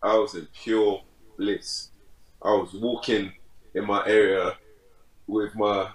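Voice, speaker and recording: Laid-back young man, low voice. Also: flat delivery, slow, roomy sound, rough recording. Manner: laid-back, laughs often, says "bro" a lot. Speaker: podcast guest, fitness content creator. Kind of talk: casual chat.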